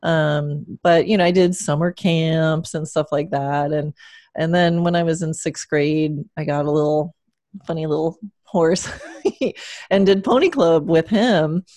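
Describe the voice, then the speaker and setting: A woman's voice: sits low, a little slow, darkish tone, no echo, studio quality. A woman from Long Island with a mild Long Island accent, a dressage trainer telling stories as a guest in a casual interview, laughing often. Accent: mild Long Island New York. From Long Island, New York. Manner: chatty storyteller, laughs often.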